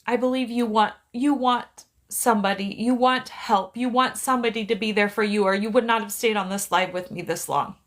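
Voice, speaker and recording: Gentle pleading woman on a live stream. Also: a little high, fairly even intonation, moderate pace, hardly any pauses. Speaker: psychic medium live-streaming. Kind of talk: live stream, one side of a conversation.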